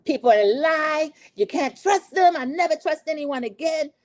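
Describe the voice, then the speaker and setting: A woman putting on the voice of a young woman who has just been betrayed, speaking high and indignant. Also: moderate pace, no echo, natural voice. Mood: bitter.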